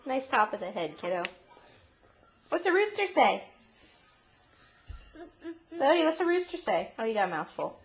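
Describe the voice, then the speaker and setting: A woman's voice: on the high side, big pitch swings, normal speed, pauses often. A mother in a casual home video, playfully teasing and coaxing her toddler with sing-song questions. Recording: dull lo-fi home video recording.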